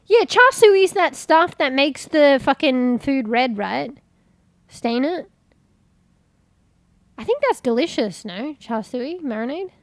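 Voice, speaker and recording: A woman's voice: high voice, expressive, slow pace, long pauses, no room sound. A woman, chatting casually and rambling while streaming, swearing offhand and sounding congested.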